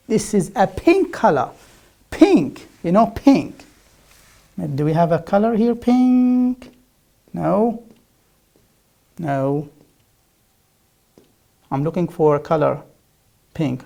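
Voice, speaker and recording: An English teacher gives a recorded distance-learning lecture. The teacher speaks slowly through a gravelly, creaky voice. Each word is repeated several times and stressed loudly, as in a pronunciation drill. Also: medium pitch. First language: Arabic. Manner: drills words by repeating them with loud emphasis.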